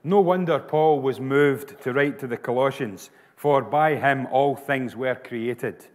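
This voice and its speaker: A man's voice: medium pitch, a little slow. Scottish man preaching in a hall. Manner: emphatic, repeating phrases for stress. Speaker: pastor. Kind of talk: sermon.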